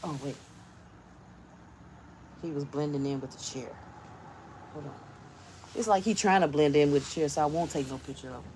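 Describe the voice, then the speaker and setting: A woman's voice: deep voice, normal speed, pauses often, a little mellow, a little hiss or hum. A woman vlogger talking casually to her viewers, chatty and jumpy, laughing often as she frets.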